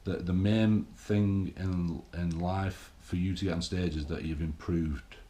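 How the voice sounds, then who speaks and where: A middle-aged man gives a blunt, swearing, rambling pep talk straight to camera. His voice sits fairly low. The room around him rings with echo. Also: fairly even intonation, a little slow, mellow, slight background noise. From England. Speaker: bodybuilding vlogger. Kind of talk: casual monologue to camera. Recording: echoey room.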